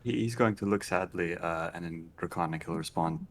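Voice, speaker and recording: Deep-voiced man playing a tabletop game. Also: normal speed, hardly any pauses, slight background noise. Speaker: player. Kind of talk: describing his character's actions.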